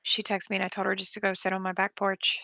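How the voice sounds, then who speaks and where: A woman's voice: mid-range voice, monotone, fast talker, vocal fry, bright, forceful tone, no room sound. A woman hosting a casual live stream, chatting and reacting to viewers in a rambling, talkative way. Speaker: livestream host.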